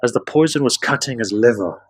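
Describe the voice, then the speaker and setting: A man preaching a sermon, slowing down and rising to high, impassioned pleading as he tells stories. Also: animated, slightly rough. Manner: slow, drawn-out emphasis. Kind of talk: emotional religious sermon.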